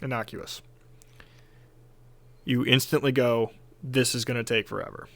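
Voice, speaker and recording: A man running a tabletop game as game master, narrating scenes in a relaxed way. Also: medium pitch, unhurried, gravelly.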